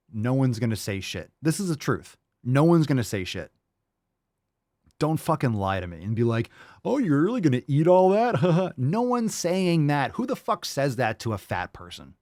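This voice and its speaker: Reading comments from his livestream chat, a middle-aged man who hosts a fitness podcast responds with blunt, profane mockery. The medium-pitched, darkish voice comes through clean studio audio without any room sound.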